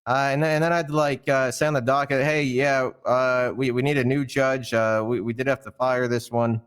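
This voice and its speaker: A roleplayer recounts a firing with fired-up indignation, rambling, stammering and swearing a lot. His mid-range voice is clear and resonant, though his delivery is flat and his speed normal.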